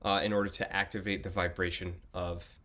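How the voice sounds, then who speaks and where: A young man teaching a beginner oboe lesson, patient and encouraging, often pausing with fillers and restarting his sentences. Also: sits low, flat delivery, sharp tone. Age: young adult. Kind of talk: instructional video lesson.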